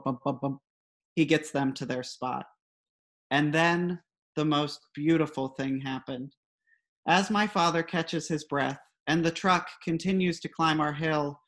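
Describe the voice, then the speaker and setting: A woman reading her own comic personal essay aloud in a wry, dry storytelling manner. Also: deep voice.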